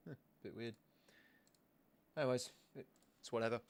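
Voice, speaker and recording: Hosting a football watch-along livestream, this younger Australian guy talks in an easygoing, conversational way, stumbling into little restarts while thanking his audience. His pitch is ordinary and mid-range, and his delivery is gravelly and a little slow.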